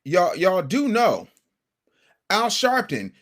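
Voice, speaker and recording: Brief: male livestream host, brash and combative, high voice with a very animated pitch. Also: slow pace. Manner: brash, combative, talks to the chat. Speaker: host of a commentary show. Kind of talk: casual livestream political commentary.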